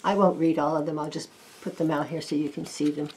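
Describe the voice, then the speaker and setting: An older woman gently chatting as she flips through and reviews a deck of oracle cards, with admiring asides. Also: low voice, steady tone, fairly quick, slightly rough. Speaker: tarot card reviewer. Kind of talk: casual card flip-through chat.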